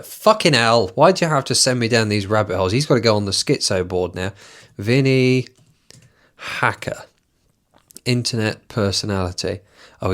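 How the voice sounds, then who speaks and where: Guy ranting on his podcast, lots of swearing, sarcastic, bit low-pitched. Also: fairly bright tone. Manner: reads items aloud and mocks them. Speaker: podcast host. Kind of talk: solo podcast rant.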